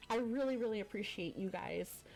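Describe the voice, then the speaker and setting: A woman streamer hosting a livestream, talking in a halting, soft-spoken, casual way and apologizing often. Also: medium pitch, vocal fry. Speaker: streamer host. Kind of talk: emotional casual talk on a livestream.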